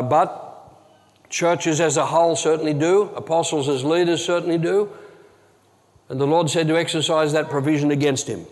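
A man preaching a sermon as pastor, telling a story earnestly and dropping to a hush at tense moments. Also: fairly high pitch. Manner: earnest, drops to a hushed tone for dramatic moments. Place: church hall. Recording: long hall reverb.

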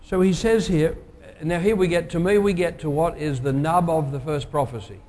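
A pastor delivering a sermon, measured and emphatic, slowing down to stress key phrases. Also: male voice, on the high side, fairly even intonation, darkish tone. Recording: long hall reverb.

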